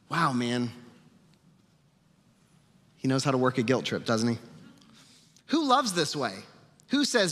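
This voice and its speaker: A man preaches from the pulpit, animated and playful, putting on voices for the people he quotes. His voice sits in a mid range and rings with the long reverb of a church sanctuary. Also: medium pitch, takes it slowly, pauses often. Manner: animated, sarcastic asides, acts out quotes. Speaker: pastor. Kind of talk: sermon.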